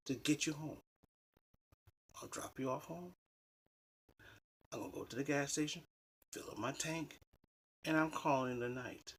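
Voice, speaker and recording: A man telling personal dating stories in a casual, animated, rambling way, swearing freely and restarting sentences. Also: fairly high pitch, a little slow, long pauses, breathy edge. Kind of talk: casual storytelling.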